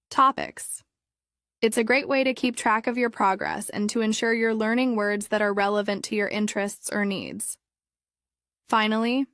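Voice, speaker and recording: A woman gives a scripted English lesson, explaining each point calmly and steadily. Her voice sits at an ordinary middle pitch. The recording is dry and close, with no room sound. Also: no room sound. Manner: calm, measured, explanatory. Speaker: English teacher.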